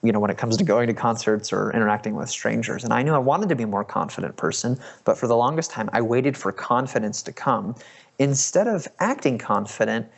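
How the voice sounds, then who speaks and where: Gravelly-voiced man telling a personal story. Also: medium pitch, brisk. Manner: conversational with many fillers and restarts. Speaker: podcast host.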